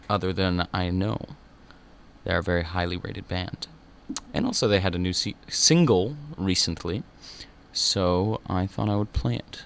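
A man's voice: sits low, creaky, fairly bright tone. A young man hosting a college radio show, chatting in a rambling, self-mocking way between songs. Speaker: radio host. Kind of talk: casual radio talk.

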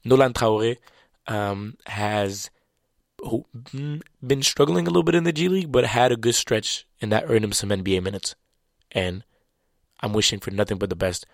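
A man whose first language is French talks basketball in a loose, chatty way, full of slang and restarts. His voice sits fairly low. The sound is dry and close, with no room echo. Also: normal speed, creaky. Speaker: basketball commentator. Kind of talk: casual sports talk.

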